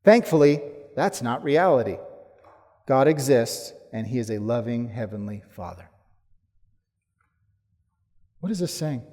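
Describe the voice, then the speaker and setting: A man preaching a sermon as pastor, emphatic, rising to forceful challenges and then dropping low. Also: animated, normal speed. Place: church sanctuary. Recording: long hall reverb.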